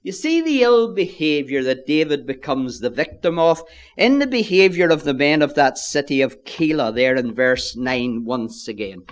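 A man preaching a sermon, earnest, reading scripture in old-fashioned wording and dropping to a near hush for emphasis. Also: on the high side, animated, moderate pace.

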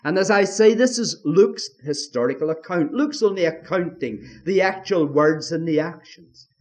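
A man's voice: fairly high pitch, normal speed, a little mellow. A man preaching a sermon in a fervent old-style manner, appealing again and again to his listeners with rhetorical questions.

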